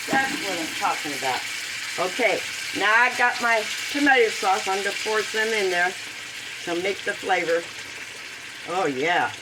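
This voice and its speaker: A woman hosting a home cooking video, talking through her recipe in a slow, heartfelt way and breaking into loud whooping cheers. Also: medium pitch, distant mic, noisy background. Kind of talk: casual cooking demonstration. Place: home kitchen with food frying.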